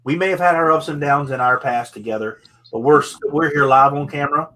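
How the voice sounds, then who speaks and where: A man's voice: fairly high pitch, a little fast, pushed and bright, low-quality recording. A man hosting a casual podcast chat, talking in an earnest, rambling way and often repeating himself. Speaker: podcast host.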